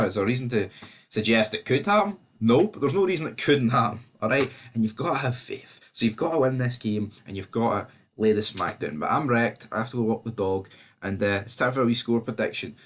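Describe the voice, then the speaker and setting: A man's voice: medium pitch, slight background noise. A man with a Scottish accent giving a casual, sweary football match preview on his vlog. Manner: sweary and animated, fan talk. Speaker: football fan vlogger.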